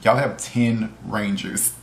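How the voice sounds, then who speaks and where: A man's voice: lowish voice, steady tone, slow pace, creaky. Exasperated ranting man in an echoey room. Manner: exasperated, incredulous, repeats himself, swears, laughs often. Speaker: video reviewer. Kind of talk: casual ranting commentary. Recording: roomy echo.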